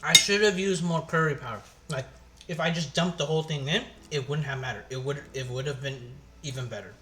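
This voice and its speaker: A man casually chatting on his cooking live stream, thinking aloud with halting pauses as he tastes the food. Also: fairly high pitch, background noise.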